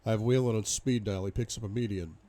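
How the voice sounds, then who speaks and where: A man reading a novel aloud in first person, dramatic, moving between hushed despair and loud outbursts. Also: fairly low pitch, fairly even intonation, rapid-fire. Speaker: audiobook reader.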